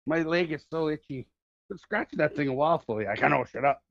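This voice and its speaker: A man's voice: on the high side, fast, creaky, dry recording. Guy cracking crude jokes on a podcast, kinda muffled and dry. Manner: joking, crude, repeats himself. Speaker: podcast co-host. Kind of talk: crude casual banter.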